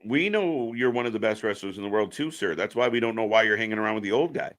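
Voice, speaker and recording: A man's voice: fairly low pitch, animated, fast, a bit bright. A man hosting a live reaction stream, giving opinionated, profane commentary.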